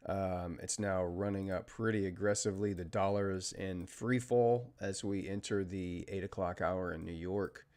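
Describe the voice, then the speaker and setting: Deep-voiced American man hosting a trading stream. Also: smooth. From United States. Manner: chatty, thinks aloud with fillers and trailing pauses; steady technical market commentary. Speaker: trading livestream host. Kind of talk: casual live-stream commentary.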